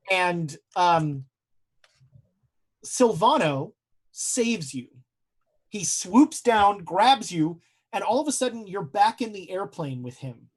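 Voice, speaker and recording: A man's voice: sits high, sing-song, takes it slowly, long pauses, breathy edge. Game master man telling grim dream scenes. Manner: dramatic storytelling with frequent hesitations. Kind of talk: narrating a tabletop horror game.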